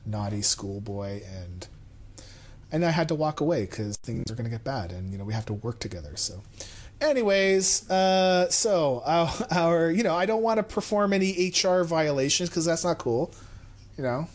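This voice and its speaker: A man's voice: a little high, sing-song, normal speed. Guy hosting a gaming podcast, just chatting, rambly and pokes fun at himself. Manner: rambling and self-deprecating. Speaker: podcast host. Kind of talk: casual chat.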